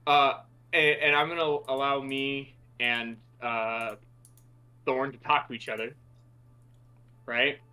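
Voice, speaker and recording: A man's voice: mid-range voice, little pitch movement, takes it slowly, long pauses, sharp tone, smooth. A man playing a tabletop role-playing game, talking hesitantly and playfully, with many restarts. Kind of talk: casual tabletop role-play chat.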